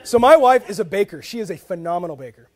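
A man preaching a sermon as a pastor, telling stories with humor in a conversational way. He is animated, dropping to soft asides and then rising into loud, emphatic bursts. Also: high voice, fast, some chatter behind. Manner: conversational, with frequent "like" and repeated starts.

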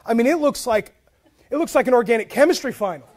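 This male pastor talks fast in a very high voice, weaving humorous stories into a conversational sermon. He's lively, dipping into soft asides and then rising to loud, emphatic bursts, with frequent "like" and false starts.

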